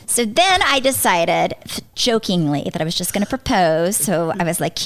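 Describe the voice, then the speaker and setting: A woman podcast host in casual chat, telling a funny story with lively, self-mocking energy. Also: on the low side, moderate pace, hardly any pauses.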